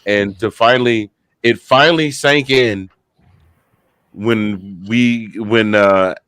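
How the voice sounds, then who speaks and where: Podcast guest: man, 50s, lively tired storyteller, dry close mic. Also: fairly low pitch, takes it slowly, clean tone, dry recording. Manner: animated storyteller who acts out quotes. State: short on sleep. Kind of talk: excited casual chat.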